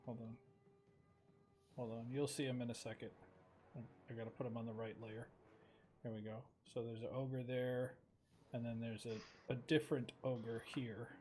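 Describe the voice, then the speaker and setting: A man running a tabletop game as game master, narrating haltingly with many ums and pauses. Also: medium pitch, flat delivery, darkish tone. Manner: halting, full of ums and pauses while setting up.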